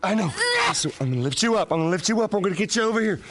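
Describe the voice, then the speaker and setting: A man's voice: high voice, lively intonation, very fast. An actor playing a desperate father who pleads and sobs over his hurt daughter in a game cutscene. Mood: pleading. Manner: pleading, sobbing. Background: music.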